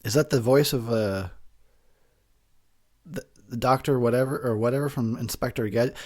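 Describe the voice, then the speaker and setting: A tipsy man riffing over a film he finds boring, his voice swinging widely up and down. He rambles, swears and breaks into laughter between remarks, with a medium pitch for a man. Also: expressive, moderate pace, long pauses, a bit bright. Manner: rambling, crude, laughs often. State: drunk. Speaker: host of a movie commentary. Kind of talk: drunken movie commentary.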